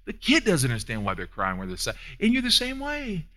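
A man preaching a sermon as pastor, with a folksy manner, swinging from loud high peaks down to soft hushed asides. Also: wildly swooping pitch, fairly quick. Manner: folksy, uses down-home phrasing.

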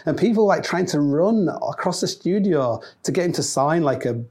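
A man's voice: a little high, animated, moderate pace, a little mellow. A man telling a rambling, sweary, self-mocking anecdote in a casual chat. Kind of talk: casual storytelling.

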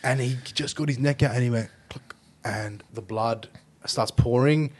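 A man's voice: medium pitch, normal speed. An Australian man hosting a casual podcast chat, swearing freely and acting out the voices in his stories. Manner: sweary, animated storyteller acting out quoted voices. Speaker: podcast host.

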